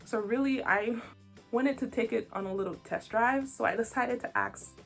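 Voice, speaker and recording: A woman in her twenties telling a story to camera in a casual, joking way, her pitch jumping up and down as she talks. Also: normal speed, creaky, faint music behind. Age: 20s. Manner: animated and joking, with big pitch jumps. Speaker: vlogger.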